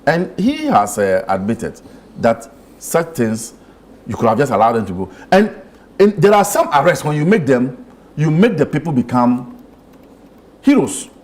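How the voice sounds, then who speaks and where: A man's voice: mid-range voice, very animated, measured pace, pauses often, darkish tone. A man, a member of parliament, arguing insistently in a TV studio panel debate. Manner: insistent, argumentative.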